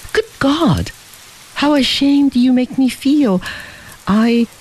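A reader voicing a young gentleman on the run who talks in a formal, wordy way. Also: medium pitch, slight background noise, rough recording. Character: young gentleman fugitive, proud and kindly.

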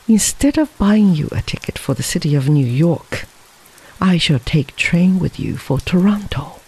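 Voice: medium pitch, animated, unhurried, a little mellow, slightly rough, low-quality recording. A narrator voicing a strong, proud man on the run, talking firmly. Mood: earnest.

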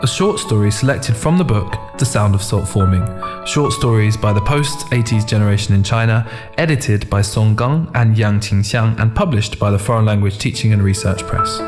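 Calm, low-voiced male audiobook narrator. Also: normal speed, music in the background. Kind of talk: scripted narration.

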